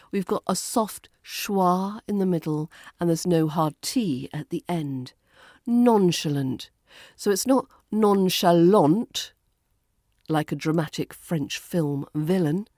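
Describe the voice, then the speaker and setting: Brief: British RP woman, accent coach, low-pitched and unhurried, crisp playful delivery. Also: dark tone, dry recording, studio quality. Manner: slow, deliberate, playful enunciation. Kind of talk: pronunciation lesson.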